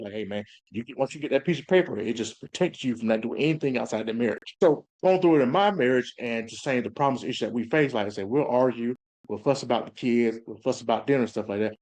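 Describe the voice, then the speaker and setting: A man in his thirties speaks quickly as an interview guest, a police officer who tells his stories candidly. He slips into the voices of the people he quotes, and his pitch sits in an ordinary middle range. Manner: animated storytelling, acts out quotes. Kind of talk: casual interview talk.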